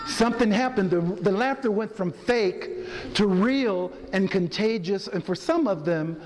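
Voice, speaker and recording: A man with a high voice takes his time as he coaches a room through deep breaths and laughter. He speaks as a chaplain running a workshop, and the sound carries a long hall reverb over faint room ambience. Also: a little hiss or hum. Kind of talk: interactive workshop talk. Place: hotel event room.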